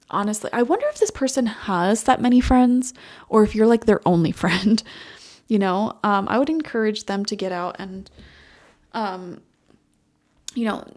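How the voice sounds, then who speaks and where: A woman's voice: mid-range voice, darkish tone. A young woman giving a casual tarot reading, chatty and full of fillers as she talks to viewers. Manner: chatty, full of "like" and "you know". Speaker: tarot reader.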